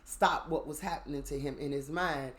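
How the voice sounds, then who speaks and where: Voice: medium pitch, normal speed, fairly bright tone, close to an everyday voice. A storyteller voicing a shaken Pharaoh who begs not to be sent back to his torment. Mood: pleading. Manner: desperate, begging. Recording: echoey room.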